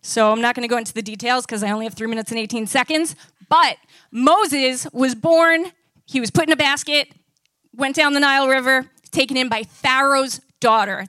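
A woman's voice: on the high side, normal speed, bright, forceful tone, dry recording. A woman preaching a sermon in a conversational way, often asking the audience questions.

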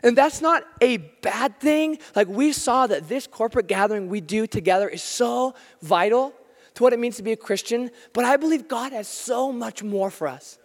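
An American man preaching a sermon, telling stories with animated, self-deprecating humor. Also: very high-pitched, moderate pace. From United States. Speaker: pastor. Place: church hall. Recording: long hall reverb.

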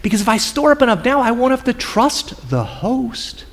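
A greedy rich man, acted out by a preacher, frets and stammers through his plans to hoard. The voice sits high and swoops about. A long hall echo trails behind it. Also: very animated, moderate pace, full character voice. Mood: scheming. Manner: rambling, stammering self-talk. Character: greedy rich man planning bigger barns, anxious and hoarding.

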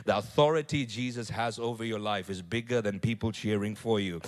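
A man preaching a sermon to his congregation, lively, repeating words and building to loud climaxes. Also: lowish voice, a little fast, hardly any pauses. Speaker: pastor.

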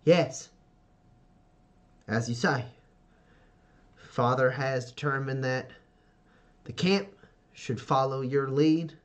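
A man voicing a stiff, timid young woman warrior who is a dutiful daughter, with a hesitant, halting, deferential manner. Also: medium pitch, lightly acted.

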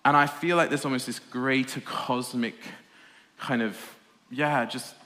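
Man telling his testimony, bright voice, laughs a lot, echoey hall. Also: mid-range voice, measured pace. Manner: animated, laughs often, self-deprecating humour. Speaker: speaker giving a talk. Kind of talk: personal testimony talk. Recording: reverberant hall.

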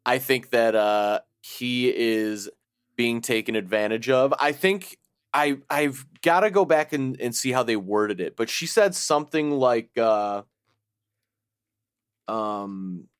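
A man co-hosting a podcast in casual chat, agreeable and quick to laugh, with hesitant fillers. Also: medium pitch, clear, resonant tone, dry recording, clean studio sound. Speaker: podcast co-host.

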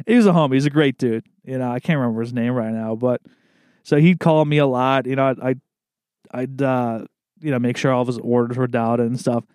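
A man's voice: medium pitch, steady tone, fairly quick, darkish tone, clear, resonant tone, dry recording, studio quality. A man hosting a podcast in casual chat. He talks loosely, swears often and laughs a lot. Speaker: podcast host.

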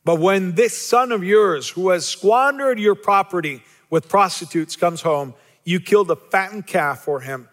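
Male pastor, high voice, emphatic and repetitive, light self-deprecating humor; long hall reverb. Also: moderate pace, hardly any pauses, a bit bright. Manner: rhetorical questions to the congregation, repetitive emphasis. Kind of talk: sermon.

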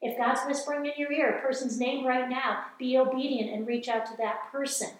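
A woman's voice: high-pitched, fairly even intonation, a little fast. Female speaker, middle-aged, earnest exhorting sermon delivery, reverberant room sound. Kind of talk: evangelical teaching talk. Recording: very echoey room.

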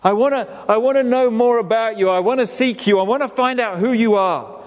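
Guy giving a chatty sermon, high voice, lots of hall echo. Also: fairly quick. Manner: conversational, acts out quoted voices, drops low and quiet for emphasis. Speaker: preacher. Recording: long reverb of a hall.

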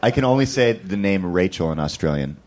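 A man's voice: deep voice, lively intonation, a little fast, a little mellow. A man guesting on a live comedy podcast, rambling and self-deprecating and laughing easily. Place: comedy club stage.

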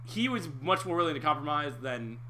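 A man's voice: fairly high pitch, brisk, a little hiss or hum. A young man co-hosting a casual podcast, ranting with lots of fillers and swearing. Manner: animated, profane, many fillers. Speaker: podcast co-host. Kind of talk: casual chat.

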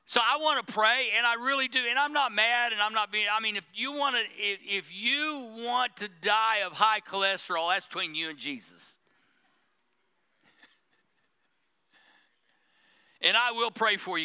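Bright, clear-voiced man preaching a sermon. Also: sits high, unhurried, long pauses. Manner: preachy, humorous, acts out mocking prayers. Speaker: pastor. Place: church.

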